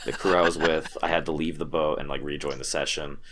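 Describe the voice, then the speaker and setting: A man's voice: a bass voice, little pitch movement, fairly quick, crowd noise. A man in casual chat, enthusiastic and slangy, explaining a game to friends. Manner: enthusiastic, slangy, calls others dude and bro. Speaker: gamer in group chat.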